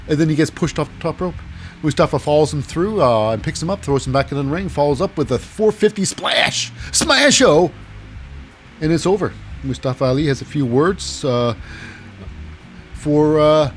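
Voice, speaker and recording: Rambling sarcastic man recapping wrestling. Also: on the high side. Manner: rambling, sarcastic, acts out quotes in silly voices. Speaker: wrestling show recap host. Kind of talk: casual solo recap commentary.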